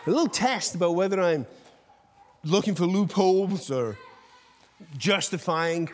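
A male pastor giving an intense, animated sermon, shifting between loud outbursts and soft whispered asides. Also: sits high. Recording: long echo of a large hall.

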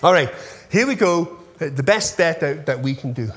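A man's voice: fairly high pitch, animated, moderate pace, a bit bright, a little hiss or hum. A man in his fifties, a pastor giving a casual update to his congregation, chatty and often checking in with his listeners, easily moved when he thanks them. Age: 50s.

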